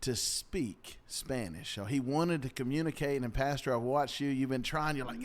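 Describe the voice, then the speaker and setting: A man sharing stories in casual chat, conversational, with halting restarts and chuckles. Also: medium pitch.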